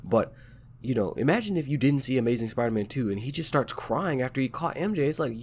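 A man hosts his podcast in a relaxed, slangy way, sounding stuffed up from a blocked nose. His voice sits at an ordinary middle pitch, with a faint background hum under it. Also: fast talker. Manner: laid-back, slangy, fond of "like" and "man". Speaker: podcast host and novelist. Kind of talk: casual chat about writing craft.

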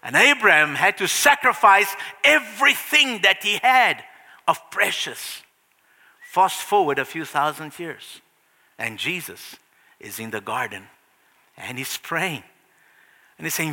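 A male preacher telling a Bible story in a sermon, animated, with frequent restarts and sudden hushed passages, in a reverberant church hall. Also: fairly high pitch, measured pace, pauses often.

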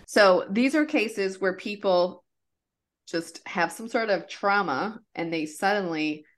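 Woman, podcast host, casual chat, rambling, mid pitch. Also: slow. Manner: chatty, lots of "like" and restarts.

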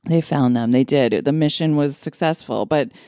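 A woman co-hosting a podcast, trading quick, wry quips in casual chat. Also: low-pitched, warm tone, dry recording, studio quality. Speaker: podcast co-host.

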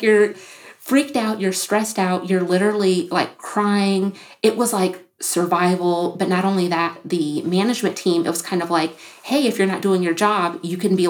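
A woman in her thirties, a podcast guest telling her own story in casual talk, animated, with frequent "like" fillers and acted-out quotes. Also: lowish voice. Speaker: podcast guest, business founder.

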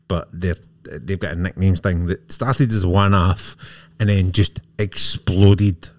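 Low-voiced man co-hosting a podcast. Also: steady tone, a little slow. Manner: explains with repeated "right?" check-ins. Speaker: podcast co-host. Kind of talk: casual chat.

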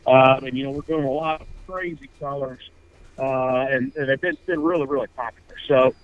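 A man's voice: medium pitch, steady tone, moderate pace, dry recording, lo-fi sound. A man, co-founder of a fishing apparel brand, talking casually in a radio interview, rambling with many fillers and restarts.

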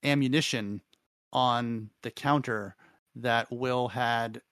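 A man co-hosting a podcast, recapping a show in a thoughtful, halting way with many restarts. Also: medium pitch, fairly bright tone, dry recording. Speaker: podcast co-host. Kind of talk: casual recap chat.

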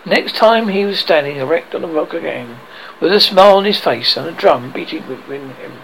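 A man's voice: fairly high pitch, animated, moderate pace, creaky, fairly bright tone, slight background noise, rough recording. A man narrating a storybook aloud, often stumbling and correcting himself. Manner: reads with frequent stumbles and self-corrections. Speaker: audiobook reader.

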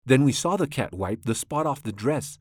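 A man reading a children's rhyming storybook aloud with a rhythmic, expressive delivery. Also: medium pitch, moderate pace, no echo, clean studio sound. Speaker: storybook reader.

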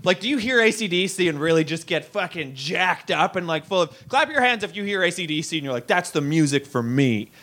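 A man's voice: sits high, animated, quick pace, hardly any pauses, bright, forceful tone. A man hosting a comedy night and doing stand-up, rambling and self-deprecating with crude jokes. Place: comedy bar stage.

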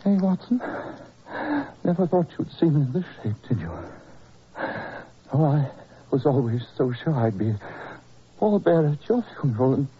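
A man's voice: a little high, very animated, normal speed, breathy edge, exaggerated voice. An actor playing a delirious, feverish male detective in 1940s radio acting, gasping and swinging from weak murmurs to sudden cries. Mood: weak, wry. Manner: ragged, gasping, wild swings from whisper to cries. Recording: dull old radio broadcast with faint hiss.

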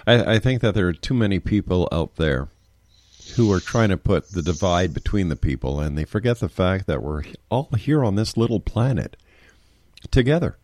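A man's voice: low voice, expressive, normal speed, a little mellow, no echo. A man hosting an interview, agreeable and encouraging toward his guest. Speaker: interview host. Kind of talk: interview conversation.

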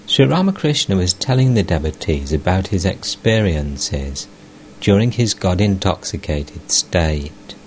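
A man narrating a spiritual text as an audiobook, in a calm and unhurried reading. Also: deep voice, a little hiss or hum, poor audio. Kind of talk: scripted narration.

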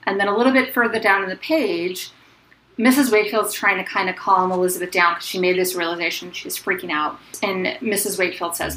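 Bright chatty woman in an echoey room. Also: mid-range voice, steady tone, a little fast. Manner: chatty, reads passages aloud, many fillers. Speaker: book podcast co-host. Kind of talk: casual book discussion. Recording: echoey room with faint noise.

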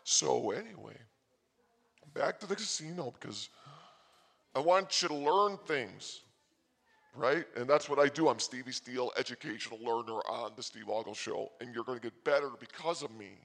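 A man hosting a comedy show, telling a rambling story with loud bursts and quick asides. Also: mid-range voice, vocal fry. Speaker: comedy host. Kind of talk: rambling comic monologue.

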